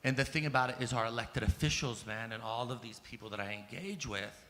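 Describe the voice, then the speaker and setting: An American man in his thirties speaks fairly quickly in a mid-range, bright, forceful voice during a personal storytelling talk at a conference. He's casual and curses, with "like" and "um" growing frequent as he presses his points. The recording has the long reverb and faint ambience of a large hall.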